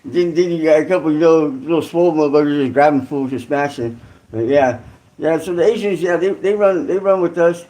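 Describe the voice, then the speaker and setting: A man's voice: on the high side, steady tone, a little fast, mellow. A man from California telling a rambling story in casual, profane street slang.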